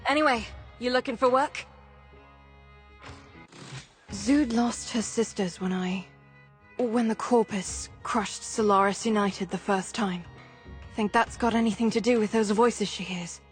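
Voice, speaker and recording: An actress playing a gruff, seasoned woman who leads a workers' union in a video game; she talks in blunt, clipped, weary lines. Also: on the high side, a little slow, pauses often, soft background music, close to an everyday voice. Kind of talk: video game character dialogue.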